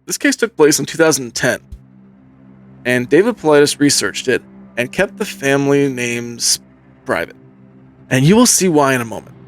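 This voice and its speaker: A male podcast host telling an eerie true story in a casual, animated way, building suspense with pauses. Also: medium pitch, faint music behind.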